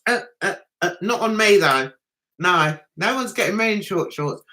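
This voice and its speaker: Reading viewers' comments on a casual live stream, a middle-aged British woman chats and giggles, often at her own expense. Her medium-pitched voice is expressive, pushed and bright, at a moderate pace.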